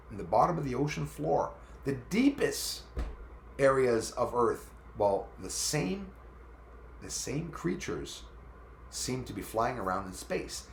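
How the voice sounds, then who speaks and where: A Canadian man hosting a live stream, chatting casually in a rambling, animated way and reading out viewer comments. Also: mid-range voice, creaky, roomy sound, slight background noise. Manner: animated, rambling, talks back to chat.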